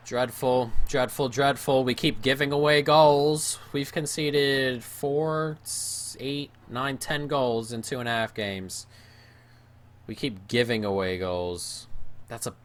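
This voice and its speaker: A man giving live play-by-play of his own football video game match, moving between excited shouts at goals and low, gloomy muttering at mistakes. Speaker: gaming YouTuber.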